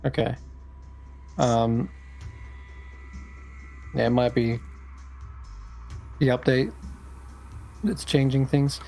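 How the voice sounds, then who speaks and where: A man running a tabletop game as dungeon master, narrating events in a relaxed, rambling way. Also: medium pitch, drawn-out words, gravelly, pauses often, soft background music.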